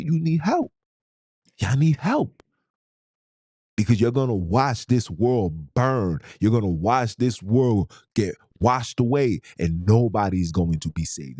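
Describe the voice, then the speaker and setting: A man with a very low, dark voice rants through a fired-up podcast monologue. He fires off rhetorical questions one after another and drops streetwise slang as he preaches, in a dry, close sound. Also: no echo. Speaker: podcast host. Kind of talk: impassioned monologue.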